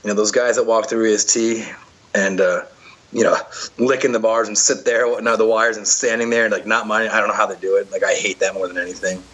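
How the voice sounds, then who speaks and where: Man, husky voice, quick talker, rambling storyteller, lots of fillers. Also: fairly low pitch, little pitch movement, fairly bright tone, low-quality recording. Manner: rambling, many fillers and restarts. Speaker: podcast guest, obstacle racer. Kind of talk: casual storytelling chat.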